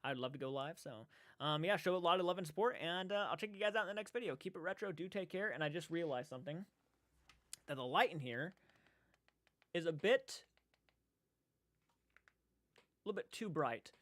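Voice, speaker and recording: A man chatting casually on a livestream from an indoor room, rambling and excitable as he restarts his sentences. His voice is a little high and bright. The sound is dry and close. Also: moderate pace, long pauses, dry recording. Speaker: livestream host.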